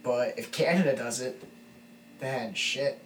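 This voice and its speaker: A man's voice: mid-range voice, a little slow. A man co-hosting a casual podcast chat, cutting in with dry jokes. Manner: wisecracking, interjecting with jokes. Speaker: podcast co-host. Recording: roomy sound from off-mic with faint room noise.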